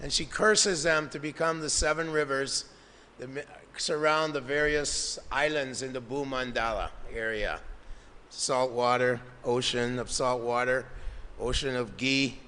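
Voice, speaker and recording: A man's voice: mid-range voice, steady tone, a little slow, pushed and bright, clear, resonant tone. A man giving a devotional lecture, narrating scripture stories with quoted dialogue and Sanskrit terms, in a temple hall. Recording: long hall reverb.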